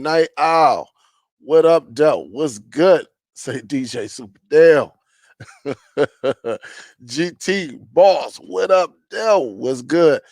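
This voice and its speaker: A man hosting a casual live stream chat, greeting viewers and reading their comments aloud in a relaxed, rambling way with many fillers. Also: medium pitch, no echo.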